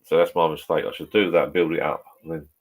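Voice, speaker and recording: Middle-aged man, very low voice, rambling live chat, swears a lot. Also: flat delivery, quick pace. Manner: swears freely, rambling and chatty. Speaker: vlogger chatting with live viewers. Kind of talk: casual live-stream chat. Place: home garden bar shed.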